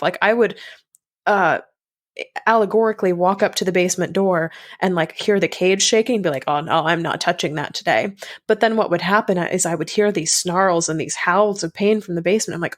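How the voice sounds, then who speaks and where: A young adult woman, a podcast guest, telling her story in a frank, animated conversational way with many fillers. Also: medium pitch.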